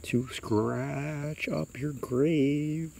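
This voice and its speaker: A man doing a slow groaning toe-hunting creature. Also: a little high, steady tone, gravelly, darkish tone, slight background noise, voice pushed up, full character voice. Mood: menacing.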